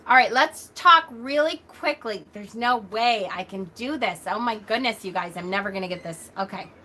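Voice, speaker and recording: A middle-aged woman teaching a casual livestream lesson, chatty and quick with lots of fillers, coughing now and then. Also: mid-range voice, slight background noise. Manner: chatty, talks a lot and loudly and quickly, frequent fillers. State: coughing at times.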